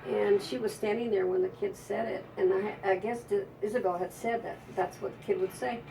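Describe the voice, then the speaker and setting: Gravelly-voiced woman telling a story. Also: mid-range voice, fairly even intonation, a little fast, dark tone, recorded from a distance, a little hiss or hum, rough recording. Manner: emotional, rambling, frequent restarts. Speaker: psychic. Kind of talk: conversational storytelling interview.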